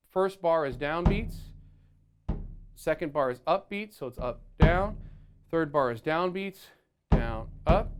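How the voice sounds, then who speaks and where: A man teaching foot technique on the drums, explaining step by step and counting beats and singing out rhythms aloud. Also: mid-range voice. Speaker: drum teacher. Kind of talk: instructional drum lesson. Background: faint drums and click track.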